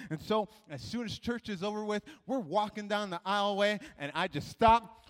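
A man's voice: high-pitched, moderate pace. A man from Minnesota telling a comic story on stage, acting out the people in it with big swings of voice. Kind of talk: stand-up storytelling.

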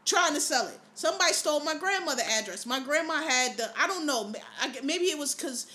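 A woman hosting a podcast, talking in a casual, profane monologue and telling animated stories with plenty of laughter. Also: sits high, fast talker. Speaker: podcast host.

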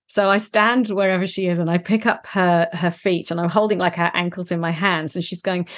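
A woman's voice: fairly low pitch, fairly even intonation, fairly quick, few pauses. A middle-aged woman co-hosting a parenting podcast, talking enthusiastically and laughing between words. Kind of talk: casual conversational podcast chat.

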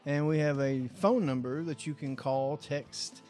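A man's voice: fairly high pitch, a little slow, a little mellow, soft background music. A man co-hosting a casual comedy podcast, joking along and reading out the show's contacts. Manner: easygoing, plugs the show's contacts. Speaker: podcast co-host.

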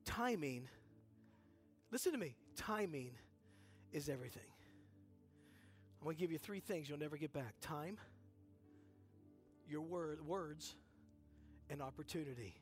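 A man with a notably high-pitched voice preaches from a church stage. He tells his story in an energetic, chatty way, slipping into the voices of the people he describes. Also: measured pace, pauses often, soft background music. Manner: energetic and conversational, acts out dialogue in the story. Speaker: guest speaker at a church service. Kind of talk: animated sermon storytelling. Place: church sanctuary.

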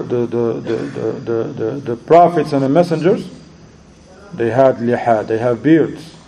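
Dark-toned and mid-range, a man's voice leads a religious lecture with storytelling and audience questions. He keeps repeating words as he reaches for them, and the poor audio has a little hiss or hum.

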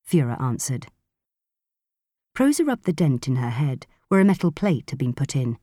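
Low-voiced woman narrator for audiobook; steady read, dry sound. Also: normal speed, no echo. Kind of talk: scripted narration.

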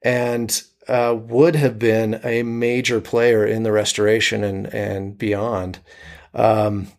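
A man's voice: fairly low pitch, level tone, takes it slowly, darkish tone. A man from Utah, a comedian and actor, chatting as an interview guest with frequent hesitant restarts. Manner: hesitant, many restarts and fillers. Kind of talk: casual interview chat.

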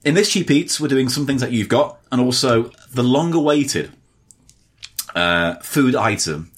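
A man co-hosting a podcast, chatting casually with a playful, teasing manner and husky voice. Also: medium pitch, expressive, a little slow. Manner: playful, teasing, bursts into sung jingles. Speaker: podcast co-host. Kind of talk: casual comedy chat.

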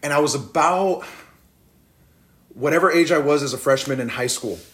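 Animated man telling stories in an interview. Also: on the high side, normal speed. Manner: animated, acts out quoted voices. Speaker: rapper, guest. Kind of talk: casual interview storytelling.

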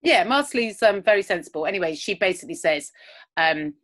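With a fairly low, expressive and slightly bright voice, a woman talks fairly quickly as she co-hosts a podcast from home via video call. Her casual recap of a TV episode rambles, stuffed with fillers and retold scenes.

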